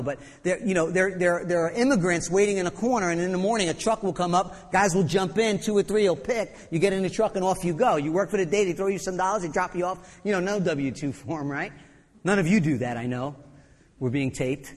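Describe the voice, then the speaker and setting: High-voiced preacher in an echoing hall. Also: male voice. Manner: animated, repeats words, acts out quotes. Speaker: pastor. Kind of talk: sermon. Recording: long reverb in a church hall.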